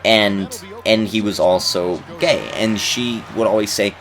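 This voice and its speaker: A man's voice: lowish voice, fairly even intonation, a little slow, few pauses, a bit bright. A man in his twenties rambling casually in commentary over a basketball video game, repeating words and chuckling. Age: 20s. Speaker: gaming YouTuber.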